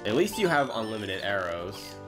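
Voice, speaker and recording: A chatty man narrates his own gameplay with a lively, up-and-down voice and pokes fun at himself as he plays. He speaks into a close mic with game music running underneath. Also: lowish voice, normal speed. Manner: chatty, self-deprecating, thinks aloud while playing. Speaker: let's play host. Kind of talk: casual gameplay commentary.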